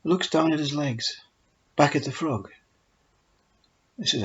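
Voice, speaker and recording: A man calmly telling short spiritual parables in a measured, unhurried way. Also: on the high side, slightly rough. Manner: calm, measured storytelling. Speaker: storyteller. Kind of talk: spoken parables. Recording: dull lo-fi recording.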